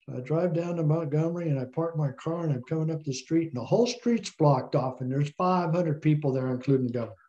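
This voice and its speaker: A middle-aged man, a guest in an interview, telling a long personal story in an animated way. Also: on the high side, fast talker, few pauses. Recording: slightly dull, lo-fi sound.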